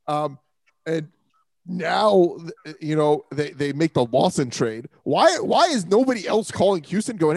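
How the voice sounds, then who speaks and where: A man's voice: a little high, very animated, measured pace, creaky, a little mellow, no echo. A man hosting a casual sports talk show, joking and laughing often.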